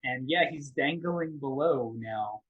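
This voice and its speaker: A man's voice: medium pitch, slow, breathy edge, narrow, tinny audio. A man narrating a tabletop game as game master, in a loose, casual way with lots of restarts.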